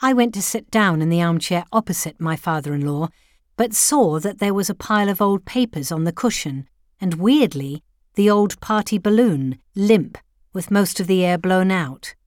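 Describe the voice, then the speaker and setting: Woman narrating a story in a low voice. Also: lively intonation, moderate pace, darkish tone, dry recording, clean studio sound. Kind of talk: first-person story reading.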